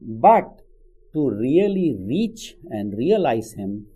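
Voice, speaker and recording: A spiritual teacher tells a story in a conversational sermon, frequently saying "you know." His medium-pitched voice is very animated yet very slow, dark and slightly rough, on a rough recording.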